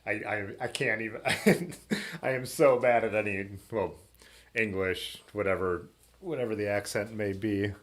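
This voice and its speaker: A man's voice: on the low side, measured pace. A man hosting a casual livestream from his workshop, rambling loosely with lots of fillers and trailing thoughts. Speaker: livestream host. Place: basement workshop. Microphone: laptop setup.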